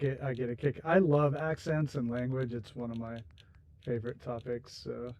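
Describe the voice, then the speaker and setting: A man's voice: medium pitch, a little mellow. A man hosting a game livestream, chatting casually and rambling with viewers while he builds, laughing easily. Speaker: livestream host.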